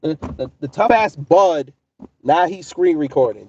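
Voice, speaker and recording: New male streamer, taunting and coolly threatening, set back from a muffled mic with clear background noise behind. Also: fairly high pitch, unhurried, recorded from a distance. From New York City. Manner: taunting, mocking, calmly menacing. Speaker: livestream host answering chat. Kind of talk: casual live-stream roasting.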